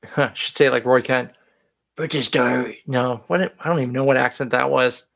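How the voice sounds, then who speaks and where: A man's voice: medium pitch, flat delivery, brisk, creaky, fairly bright tone. A man co-hosting a podcast in casual chat, joking and self-deprecating. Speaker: podcast co-host.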